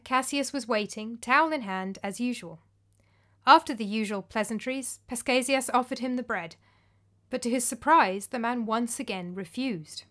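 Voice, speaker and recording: A woman reading a story aloud in a calm, measured storytelling style. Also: fairly high pitch. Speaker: narrator. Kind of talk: storytelling narration.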